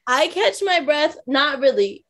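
A woman podcast co-host telling a story in casual chat, animated and acting out what people said. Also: high-pitched, measured pace. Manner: animated, acts out quotes from others.

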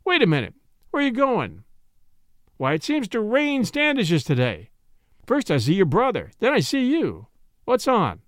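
A cool city gentleman in a storybook speaks briskly and with easy confidence, as a male narrator puts him on, his voice lively and a little high. The sound is close and dry. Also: dry recording, heavily acted. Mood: assured. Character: suave New York gentleman, cool and self-assured.

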